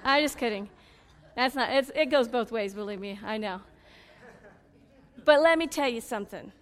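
Woman preacher, high voice, animated sermon, loud cries and soft asides. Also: moderate pace, long reverb tail. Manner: animated, swings between loud pleading and low confiding.

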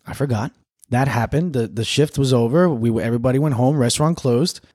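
A man's voice: medium pitch, brisk, dry recording, studio quality. A man co-hosting a casual podcast chat, telling stories from his job as a server and laughing often. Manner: storytelling, animated, laughs often. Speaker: podcast co-host.

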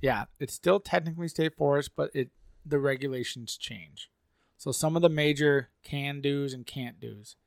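A man's voice: mid-range voice, normal speed, gravelly, no echo, clean studio sound. A man, co-hosting a podcast and walking through rules point by point. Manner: explains rules point by point, with restarts. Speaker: podcast co-host. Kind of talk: casual explanation of hunting rules.

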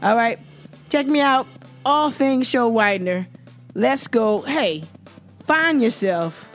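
Winded girl podcasting, kinda high voice, preachy, says stuff twice. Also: lively intonation, takes it slowly, faint music behind. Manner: emphatic, preachy, repeats for emphasis. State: out of breath. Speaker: podcast host. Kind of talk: casual motivational podcast monologue.

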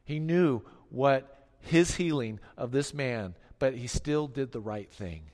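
A middle-aged man preaching a sermon, telling stories that swing from hushed asides to forceful declarations. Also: mid-range voice, lively intonation, takes it slowly, in a large hall. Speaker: pastor.

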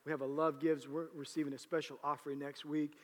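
A pastor with a slightly high voice delivers a sermon along with church announcements, moving quickly and keeping his delivery flat. He starts off casual and joking, then works up to emphatic preaching, all ringing with the long echo of a big sanctuary.

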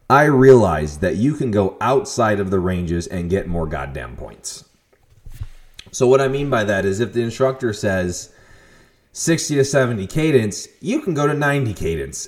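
A young man hosting a podcast, telling a story in a casual, profane monologue with sudden loud outbursts. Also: lowish voice. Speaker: podcast host.

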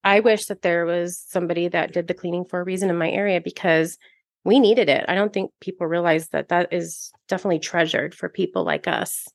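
A woman with a fairly low voice talks earnestly on a podcast. Her speech is heartfelt and chatty, full of fillers. The sound is dry and close-miked. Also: steady tone, brisk, gravelly, no echo. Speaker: podcast co-host. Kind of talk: casual podcast chat.

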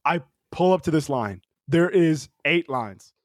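A young man co-hosting a podcast tells an animated story at an unhurried pace, swearing often and filling his speech with "like." His voice is on the high side, with no echo and clean studio sound.

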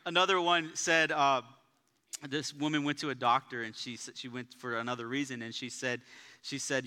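A man preaching a sermon as pastor, talking in a casual, energetic way, with jokes and personal stories. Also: mid-range voice, normal speed, clean tone. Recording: live church sanctuary with long reverb.

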